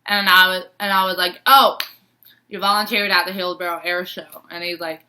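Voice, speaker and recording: A woman's voice: lowish voice, level tone, brisk, bright, forceful tone, slight background noise. A young adult woman casually telling a personal story to camera, chatty, with many fillers and acted-out quotes. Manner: chatty, lots of fillers and quoted reactions, laughs often.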